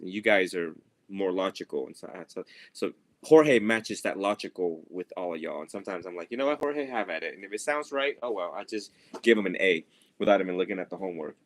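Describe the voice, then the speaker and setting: The speaker, a Buddhist monk, has a low voice and talks a little fast, with no echo, as he teaches a group on a video or phone call. It's a casual, lighthearted dharma talk full of laughter and impressions of his students.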